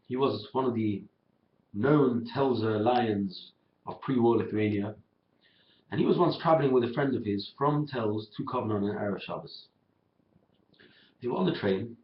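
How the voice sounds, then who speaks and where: A man giving a talk on the weekly Torah portion, telling a story and acting out the dialogue with lively emphasis, recorded on a webcam. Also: mid-range voice. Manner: animated storyteller, acts out dialogue in quotes. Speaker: Torah teacher. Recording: lo-fi roomy webcam sound.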